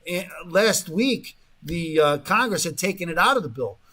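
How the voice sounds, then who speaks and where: A man's voice: sits high, animated, moderate pace, sharp tone. A man hosting a talk radio show, rambling in a casual monologue full of fillers and restarts, sometimes mocking the voices of the people he quotes, in a radio studio.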